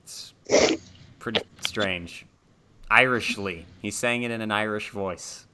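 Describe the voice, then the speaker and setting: A man's voice: on the low side, takes it slowly, bright, forceful tone, clear, resonant tone. A man narrating a tabletop horror game as game master, casual, with laughing asides and many ums.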